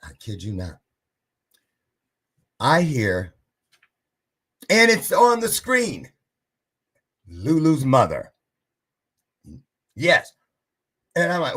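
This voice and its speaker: A man with a husky, slightly rough voice hosts his live-stream show. He tells a rambling personal story, and his pitch swings widely as he acts out each quoted voice. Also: wildly swooping pitch, drawn-out words, long pauses, a bit bright. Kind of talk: casual storytelling monologue.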